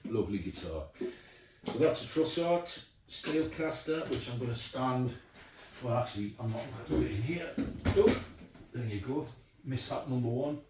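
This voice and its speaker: A man's voice: mid-range voice, expressive, normal speed, over music. A middle-aged man, chatting casually and rambling with plenty of ums as he shows off his guitars. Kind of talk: casual show-and-tell. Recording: echoey room, mic at a distance.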